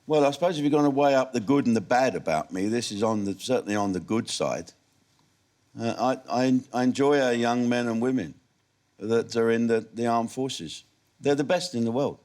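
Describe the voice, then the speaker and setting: A man's voice: medium pitch, normal speed, a little mellow. A man, a comedian answering interview questions candidly and laughing at his own punchlines in a TV studio. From England. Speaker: comedian guest. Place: television studio.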